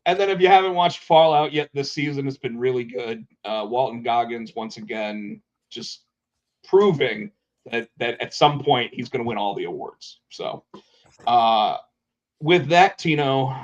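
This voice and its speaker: Unhurried and medium-pitched, this man co-hosts a casual podcast, spinning animated stories and performing each quote. The highs are cut off in the audio.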